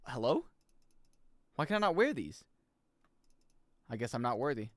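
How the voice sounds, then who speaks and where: A young man giving casual, jokey commentary as he plays a video game, swearing and breaking into loud high-pitched yells. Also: sing-song, moderate pace, no room sound, studio quality. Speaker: streamer.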